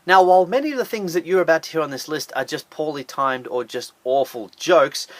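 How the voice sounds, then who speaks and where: Animated, high-pitched sarcastic male host. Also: no room sound. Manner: sarcastic, incredulous. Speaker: host of a top ten list channel. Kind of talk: scripted list commentary.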